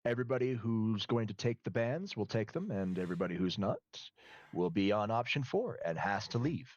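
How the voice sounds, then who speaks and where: A man's voice: fairly low pitch, animated, a little fast, muffled recording. A man acting as game master in a streamed tabletop role-play, patiently explaining the rules.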